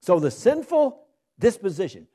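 A man's voice: sits high, big pitch swings, mellow. A man preaching an expository sermon, reading scripture aloud emphatically and posing rhetorical questions to his listeners. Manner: reads scripture aloud slowly and emphatically, then explains it; asks and answers rhetorical questions.

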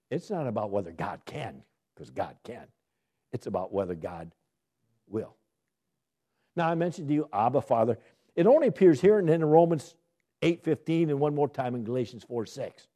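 Lively, warm-voiced man teaching a Bible lesson. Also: mid-range voice, moderate pace, pauses often. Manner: asks the listeners questions and answers them himself; lively, rising emphasis on key words. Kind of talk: sermon-style Bible study.

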